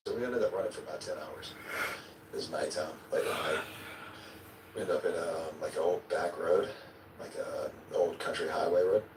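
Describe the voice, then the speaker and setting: The clip, replayed and heard as echoey, distant and noisy, features a man being interviewed. His voice sits low and sounds a little mellow as he casually relates a vivid story, acting out quotes with occasional swearing or chuckles.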